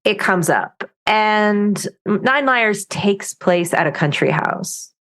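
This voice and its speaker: Lively storytelling woman guest. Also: medium pitch, slow pace. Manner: lively anecdotal storytelling with frequent restarts. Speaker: author guest. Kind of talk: podcast interview.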